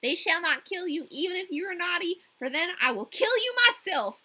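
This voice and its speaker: A woman's voice: very high voice, expressive, a little fast, sharp tone, voice pushed up, heavily acted. Woman doing a bratty Southern robber girl. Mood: menacing. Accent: Southern US drawl, put on.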